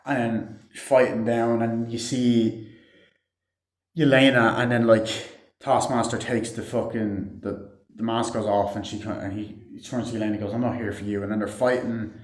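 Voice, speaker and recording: This casual movie review comes from a man who wanders off track, curses freely, and leans on fillers like "um" and "like." He has a medium pitch, a flat delivery, and a moderate pace, recorded with roomy echo.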